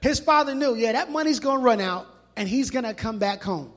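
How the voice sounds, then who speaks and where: High-voiced preacher in an echoing hall. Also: male voice, a little fast. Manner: animated, emphatic, street slang. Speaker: pastor. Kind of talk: sermon. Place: church hall. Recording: long reverb of a large hall.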